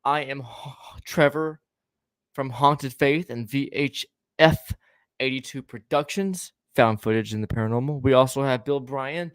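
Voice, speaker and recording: A young man hosts a casual livestream podcast, joking with his audience and stumbling over names. His voice sits at a middle pitch and sounds dry and close to the mic. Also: unhurried, no echo. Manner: playful, laughs often, stumbles over words. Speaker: podcast host.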